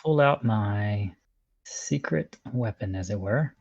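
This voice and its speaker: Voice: medium pitch, expressive, takes it slowly, vocal fry, a little mellow, no room sound, highs cut off. A player in a tabletop game, talking in a laid-back way. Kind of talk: casual tabletop play.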